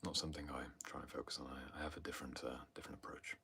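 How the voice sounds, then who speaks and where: A man hosting a livestream Q&A, talking intensely and often sinking into a breathy near-whisper, then rising to loud emphasis. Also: extremely low pitch, little pitch movement, rapid-fire, slight background noise. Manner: swings between loud emphasis and hushed asides. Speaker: host answering viewer questions. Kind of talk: livestream Q&A talk.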